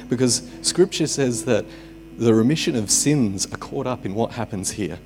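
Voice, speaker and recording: A man's voice: mid-range voice, lively intonation, moderate pace. A man preaching a sermon at a church service, conversational and dropping joking asides. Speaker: pastor.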